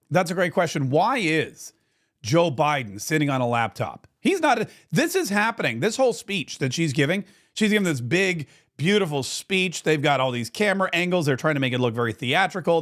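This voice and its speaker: A man hosting a political commentary show, talking in an animated, indignant way and often repeating phrases. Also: on the high side, moderate pace. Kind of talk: opinionated commentary.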